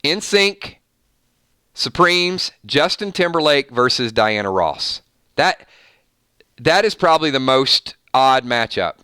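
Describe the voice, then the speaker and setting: Playful stream host, male, bright crisp voice, dry close mic. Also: mid-range voice, takes it slowly, no room sound. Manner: playful, animated, reading out votes. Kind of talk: live-stream music matchup chat.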